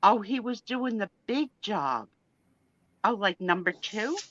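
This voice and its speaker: A woman hosting a casual live chat, animated and laughing, given to dramatic outbursts. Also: mid-range voice, slow, highs cut off. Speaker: host.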